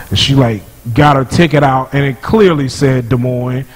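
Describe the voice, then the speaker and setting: A man chatting as a podcast guest, telling stories in an animated way and laughing often. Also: medium pitch, moderate pace, few pauses, poor audio. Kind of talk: casual chat.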